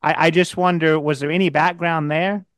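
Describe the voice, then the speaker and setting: Guy hosting a podcast, smooth clear voice, kinda high, dry sound. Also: fairly even intonation, moderate pace, fairly bright tone, dry recording. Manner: earnest, repeats words when starting. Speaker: podcast host. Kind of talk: interview questions, casual.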